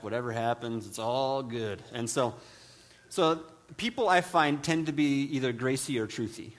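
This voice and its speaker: A man preaching a sermon, from the Midwest, telling humorous stories with frequent restarts. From American Midwest. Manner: storytelling, self-deprecating humor, many restarts; mimics others with high put-on voices. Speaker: pastor.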